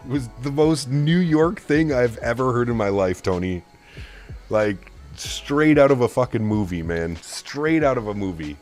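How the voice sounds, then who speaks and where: A laid-back man from Canada talks his viewers through a simulated flight in loose, chatty live-stream commentary. His voice sits at an ordinary middle pitch, and he swears freely. Faint music plays behind him. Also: animated, a little slow, a little mellow.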